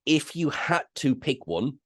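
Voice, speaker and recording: A man's voice: a little high, sing-song, measured pace, a bit bright. A man interviewing in a playful, joking way on a casual podcast. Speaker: guest interviewer.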